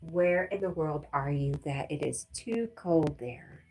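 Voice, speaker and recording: Husky, mellow-voiced woman hosting a livestream. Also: low-pitched, slow, soft background music. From Connecticut, USA. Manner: reads viewer comments aloud, chatty, laughs often. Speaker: livestream host. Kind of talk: casual livestream chat.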